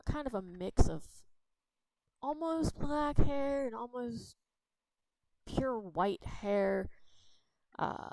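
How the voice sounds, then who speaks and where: A woman narrating a fantasy role-play story in an unhurried, rambling way with fillers. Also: medium pitch, creaky, a little mellow, no room sound, poor audio.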